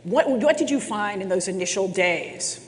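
A woman's voice: medium pitch, expressive, moderate pace, in a large hall, a little hiss or hum. A woman interviewer asking direct, probing questions about a cyberattack.

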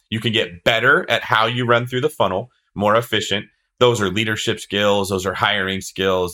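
Bright, forceful low-voiced host. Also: male voice. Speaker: podcast host. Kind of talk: podcast interview.

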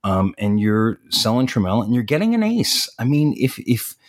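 A man co-hosting a podcast in casual chat, animated and slipping into quick impressions of other people. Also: medium pitch. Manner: animated, mimics people mid-story. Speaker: podcast co-host.

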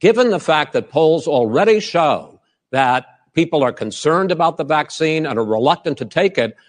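A man moderating a televised debate, measured and firm, pressing the candidates with direct questions. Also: fairly high pitch, expressive. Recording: long hall reverb.

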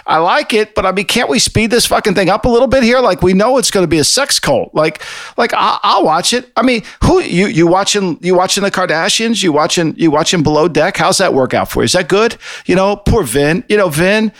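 A man's voice: high-pitched, expressive, fairly quick, fairly bright tone, no echo, studio quality. An older man on a podcast, chatting casually in a rambling, profane way with many restarts. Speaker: podcast co-host. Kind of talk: casual chat.

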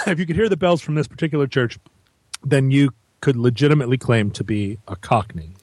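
A man who is a musician, speaking as a podcast guest in a wry, rambling way with deadpan jokes. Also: mid-range voice, a little fast, no room sound. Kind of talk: casual podcast chat.

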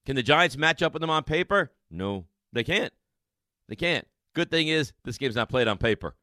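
Man, sports radio host, sharp bright voice, dry close studio sound, emphatic, rhetorical questions. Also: medium pitch, animated, normal speed, dry recording. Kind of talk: excited sports radio monologue.

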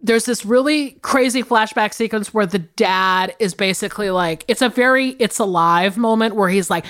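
A woman co-hosting a podcast, recapping a film in casual, animated chat with plenty of swearing. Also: mid-range voice, moderate pace. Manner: animated, swearing, big laughs. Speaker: podcast co-host.

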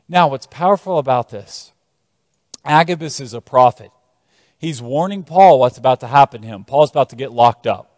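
A male preacher delivers a sermon, telling scripture as lively stories and leaning hard on key words. His voice sits fairly high. It rings out with a long reverb through a large church hall. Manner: animated storytelling, shifting emphasis.

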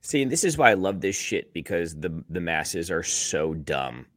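Low-voiced man, gruff and cynical, wide swings, podcast co-host, dry mic. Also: sing-song, normal speed, a bit bright, dry recording. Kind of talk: casual sports podcast banter.

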